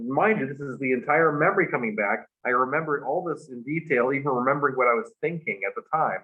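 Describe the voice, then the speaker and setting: A man, a guest in an interview, telling a long personal story, halting with many fillers and restarts and laughing along. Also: mid-range voice, sharp tone, lo-fi sound.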